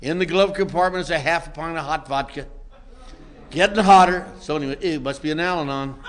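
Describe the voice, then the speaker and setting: An older man telling a self-mocking story to a meeting audience in a wry, comic way that builds into shouting. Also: fairly high pitch, brisk. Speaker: recovery meeting speaker.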